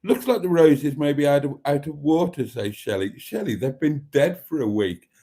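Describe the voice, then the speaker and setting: A man's voice: on the high side, expressive, normal speed, warm tone. A man hosting a live stream, chatting casually as he reads out viewer comments in a camp, teasing way with frequent laughs.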